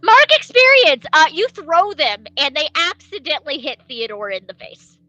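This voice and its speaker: A woman narrating a tabletop role-playing game as game master, animated and laughing often. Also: high voice, moderate pace, no echo, soft background music, rough recording.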